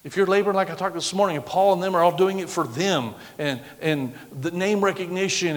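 A middle-aged man preaching a sermon with a loud, projecting voice, acting out the voices of the people he quotes. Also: sits high, brisk, few pauses. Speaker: pastor. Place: church sanctuary. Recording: long hall reverb.

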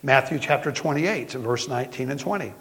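Gravelly Southern preacher in a reverberant church. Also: male voice, medium pitch, fairly bright tone. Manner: folksy storytelling preaching, slows for emphasis. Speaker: pastor. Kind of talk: sermon. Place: church sanctuary. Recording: long hall reverb.

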